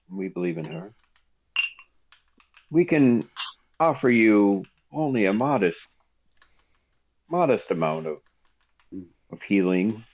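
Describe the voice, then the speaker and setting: A man's voice: lowish voice, darkish tone, highs cut off. A man voicing an emotional male cleric who pleads with passion and breaks into sobs. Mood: solemn. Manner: sobbing, impassioned pleading.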